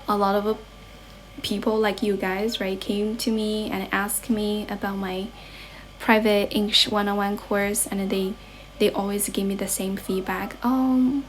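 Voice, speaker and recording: Chinese english tutor lady chatting on a livestream, mixes in mandarin, keeps fixing her own sentences, middle pitch, bit of faint background noise. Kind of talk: casual livestream chat, reading viewer comments.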